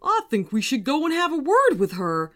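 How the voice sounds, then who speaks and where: A woman voicing a hungry, gentle young female elephant in a children's storybook reading, with a slow, drawn-out delivery. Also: high voice, wildly swooping pitch, faint music behind, voice pushed up.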